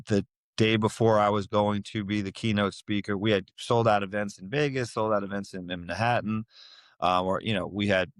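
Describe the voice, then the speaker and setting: A man's voice: fairly low pitch, no echo. A middle-aged man telling a personal story in a casual interview, acting out the voices of people he quotes. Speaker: podcast guest.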